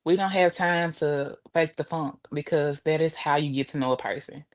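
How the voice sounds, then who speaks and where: A woman's voice: low voice, moderate pace, no echo, clean studio sound. A forty-year-old woman, a podcast guest in casual chat, laughing often and reacting candidly. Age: 40s.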